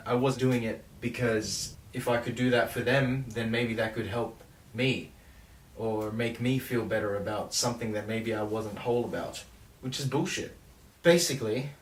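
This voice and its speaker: Australian man, distant and echoey. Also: medium pitch. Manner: relaxed, rambling, self-correcting. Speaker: songwriter and producer. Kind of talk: casual vlog talk. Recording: roomy echo, distant mic.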